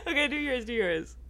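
A woman in her thirties co-hosting a podcast, chatting in a giggly, animated way and bossing her partner through a silly challenge. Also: mid-range voice. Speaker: podcast co-host. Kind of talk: casual chat.

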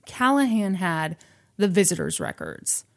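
A woman's voice: medium pitch, huge pitch swings, measured pace. A woman podcast host retelling a movie in a chatty, wry way. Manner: chatty and wry, acting out quotes. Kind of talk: casual chat retelling a movie.

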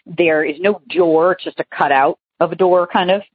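A woman's voice: on the low side, moderate pace, husky. A young adult woman calling in to tell a ghost story, chatty and rambling with many fillers, over a phone line. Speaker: caller telling a ghost story.

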